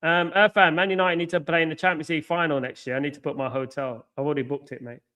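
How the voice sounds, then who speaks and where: Hosting a live watchalong of a football match, this man chats excitedly, responds to what's happening on the pitch, and greets viewers by name. He has a slightly high voice and speaks fast.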